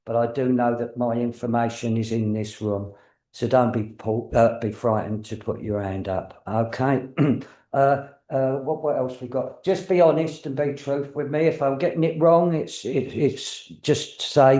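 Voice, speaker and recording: A man's voice: medium pitch, fairly even intonation, a little slow, mellow, echoey room. A man working as a spiritualist medium, chatty and joking, often checking in with the audience. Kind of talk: mediumship demonstration to a congregation.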